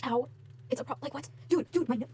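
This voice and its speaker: A woman's voice: high voice, fast, dark tone, slight background noise. A woman vlogger in a casual rant to camera, heated and frustrated, with lots of fillers and swearing.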